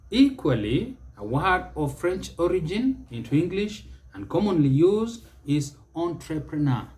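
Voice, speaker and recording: A man with a Kenyan accent teaching English pronunciation, slowly and deliberately repeating each word several times. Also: medium pitch, a little mellow.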